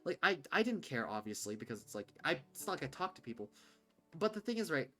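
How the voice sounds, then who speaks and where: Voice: medium pitch, very animated, fast talker, a bit bright, soft background music. A livestreamer chatting casually and bluntly, rambling with many fillers and restarts. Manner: rambling, full of "like" and "um", frequent restarts; candid, blunt, swears casually.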